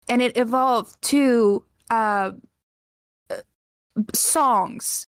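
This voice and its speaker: A woman co-hosting a podcast, chatting casually and chiming in with quick agreement. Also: on the high side, no room sound. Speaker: podcast co-host. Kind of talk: casual chat.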